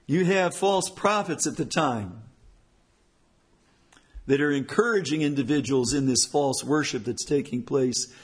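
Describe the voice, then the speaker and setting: A man's voice: medium pitch, measured pace, slightly rough. A man, a church elder, preaching an earnest sermon with emphatic repetition.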